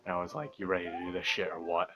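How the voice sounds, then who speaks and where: A young man telling a long story as he plays a video game, rambling, swearing and mocking himself, speaking softly because it is late at night. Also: low voice, level tone, rapid-fire, background noise. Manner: rambling, profane, self-mocking, laughs often. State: talking quietly at night. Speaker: gaming channel host. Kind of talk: casual storytelling over gameplay.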